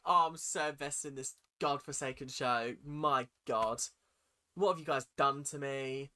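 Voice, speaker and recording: A woman's voice: a bass voice, a little slow, sharp tone. A young British woman hosting a live stream awards show, chatting casually with viewers and reacting dramatically. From United Kingdom.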